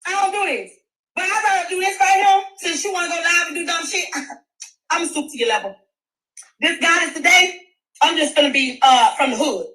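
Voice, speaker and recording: A middle-aged woman in a loud, profane rant on a live stream. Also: very high voice, normal speed, roomy sound, rough recording. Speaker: livestreamer.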